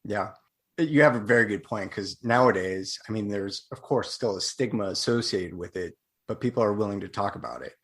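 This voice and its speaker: A man's voice: on the low side, a little fast, a bit bright. A man hosting a podcast, reflecting on his guest's story and asking open follow-up questions. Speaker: podcast host. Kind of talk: conversational interview.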